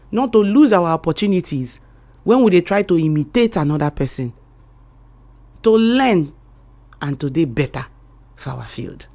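A woman with a Nigerian accent hosting a morning radio show, giving motivational talk in a preachy way and calling her listeners darling and sweetheart. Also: low-pitched. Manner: rhythmic repetition, swings between loud and quiet.

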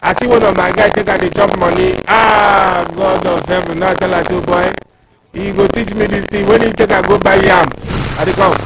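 A man's voice: high voice, steady tone, moderate pace. A man with a Nigerian accent presenting casual radio in a playful, slangy, hyping manner. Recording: loud background noise.

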